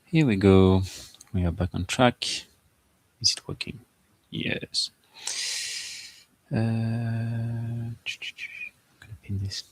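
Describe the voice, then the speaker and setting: A man as game master, talking through his game prep in a halting, informal, think-aloud way. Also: mid-range voice, steady tone, breathy edge, dry recording. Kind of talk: casual game prep screen-share.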